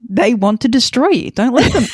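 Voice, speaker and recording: A woman's voice: a little high, lively intonation, unhurried, breathy edge, dry recording. A woman in her thirties co-hosting a podcast, chatting candidly and teasing herself. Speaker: podcast co-host. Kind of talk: casual chat.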